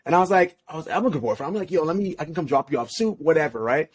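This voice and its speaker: Young male podcast guest, lively and slangy, laughs a lot, slightly high voice. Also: rapid-fire, slightly rough. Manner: animated, slangy, laughs often, restarts sentences. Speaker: podcast guest, relationship coach. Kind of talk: casual storytelling chat.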